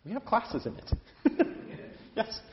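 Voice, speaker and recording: A man's voice: slow pace, slight background noise. A man from the US Midwest giving a chatty, self-deprecating lecture-demonstration on opera singing as a voice teacher. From Iowa, US Midwest. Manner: chatty, self-deprecating, talks with his hands. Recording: dull, hall reverb.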